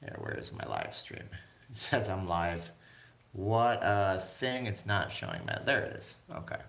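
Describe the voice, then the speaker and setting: A man hosts a casual live stream from his home, chatting easily and reading out viewers' comments. His voice sits fairly low, and the room gives it a noticeable echo. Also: wildly swooping pitch, measured pace, vocal fry, a bit bright. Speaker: vlog host. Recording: echoey room.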